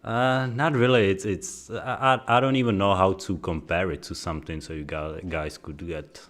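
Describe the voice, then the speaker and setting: Deep-voiced male guest, hesitant, trails off softly in casual chat. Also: fairly even intonation, normal speed. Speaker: stream guest.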